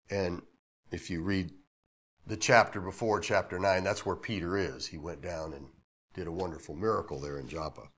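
A man's voice: deep voice, fairly even intonation, moderate pace, a bit bright. A man teaching a weekly Bible lesson, reading scripture aloud and breaking off into casual, joking explanations. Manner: casual, joking asides between readings, lifts his voice for scripture. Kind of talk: verse-by-verse sermon with reading and asides.

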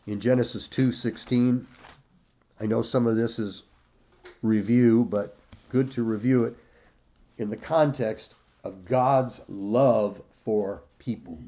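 Slow, emphatic male preacher. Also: medium pitch, steady tone, dark tone. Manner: slow, emphatic, repeats key phrases. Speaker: pastor. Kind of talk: sermon.

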